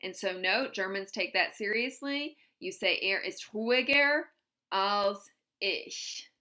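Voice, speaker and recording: Slow, bright-voiced woman teaching grammar. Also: mid-range voice. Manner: patient, explains step by step with examples. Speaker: German teacher. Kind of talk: classroom grammar lesson.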